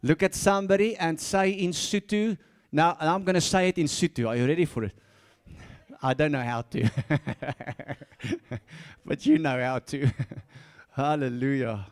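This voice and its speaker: A high-pitched man delivers a lively sermon. He repeats his key phrases and rises from soft asides to shouted calls. He laughs often and trips over his words when fired up. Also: a little slow, pauses often. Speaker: pastor.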